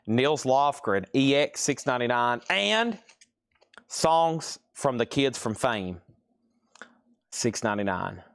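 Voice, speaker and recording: Southern man, mid-pitched, drawling host voice, dry close sound. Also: expressive, takes it slowly, gravelly, clear, resonant tone, no room sound. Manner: drawls out words; chatty, reads out titles and prices. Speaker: live sale host. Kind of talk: live-stream record sale.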